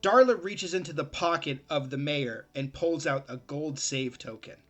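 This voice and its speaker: A man narrating as game master in a tabletop game, slow and hesitant with many fillers. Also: a little high, a bit bright, faint music behind.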